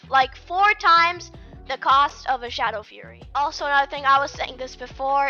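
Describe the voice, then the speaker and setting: A woman's voice: high voice, sharp tone. A woman giving casual gameplay commentary, rambling along with lots of fillers and restarts. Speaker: gaming video creator. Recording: dull lo-fi mic with faint music.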